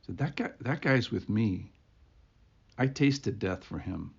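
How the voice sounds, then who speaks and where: A man's voice: fairly low pitch, expressive, slow pace, creaky, husky. A man hosting a devotional podcast, speaking in an earnest, conversational, reflective way. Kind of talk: informal devotional talk. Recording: dull lo-fi recording.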